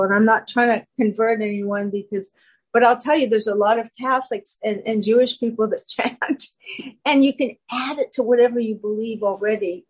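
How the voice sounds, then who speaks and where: A woman guest telling her personal story in casual talk, animated and acting out quoted voices. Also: mid-range voice, slightly rough, low-quality recording.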